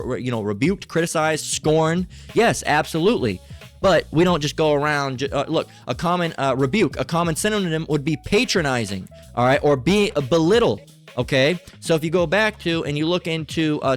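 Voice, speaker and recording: A man delivers a rambling, preachy religious monologue. He keeps stumbling over fillers and restarts as he reads definitions aloud. Faint music plays underneath. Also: fairly high pitch. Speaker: religious commentator. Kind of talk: unscripted monologue reading definitions.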